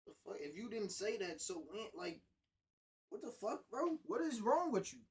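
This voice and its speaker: A man's voice: sits high, big pitch swings, moderate pace, slightly rough. A young man livestreaming in casual chat, blunt and profane, often breaking into laughs.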